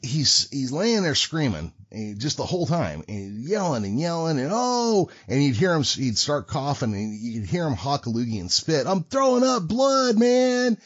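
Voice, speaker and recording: A man's voice: mid-range voice, moderate pace, few pauses, husky. Cussing middle-aged man spinning a story. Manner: profane, animated, acts out voices. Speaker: podcast guest storyteller. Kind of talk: casual storytelling. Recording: dull lo-fi recording.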